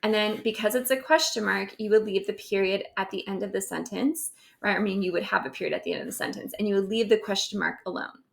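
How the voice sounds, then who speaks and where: Woman teacher narrating her slides, a little gravelly, mid pitch, keeps asking "right?". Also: fairly even intonation, quick pace. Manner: explanatory, checks in with "right?" often. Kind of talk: recorded grammar lesson over slides.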